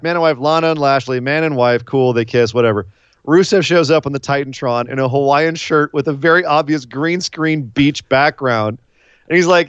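Animated man chatting about wrestling. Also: fairly high pitch, dry recording, lo-fi sound. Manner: animated, acts out quotes in put-on voices. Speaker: podcast co-host. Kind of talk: casual wrestling chat.

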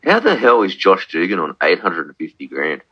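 A man's voice: deep voice, sing-song, a little fast, husky. A man in casual, blunt sports chat, swearing and laughing easily. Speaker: podcast co-host. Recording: dull lo-fi sound.

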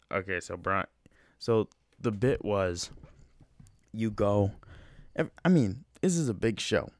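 Podcast host, young man, low voice, dry close sound, easygoing rambling delivery. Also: a little mellow, no room sound. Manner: rambling, loose and conversational with frequent fillers. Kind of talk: casual solo podcast chat.

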